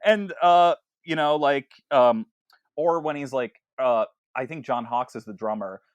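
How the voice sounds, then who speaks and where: A man co-hosting a casual film podcast, talking in an animated way with lots of stammered restarts and acted-out quotes. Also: medium pitch, a little slow, clean tone, dry recording, muffled recording. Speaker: podcast co-host.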